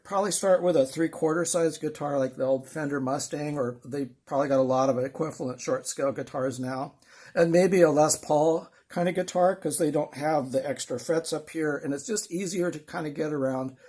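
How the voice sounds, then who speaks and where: A man's voice: fairly high pitch, darkish tone. An older man teaching guitar in a casual, rambling, self-deprecating way, with guitar playing behind him.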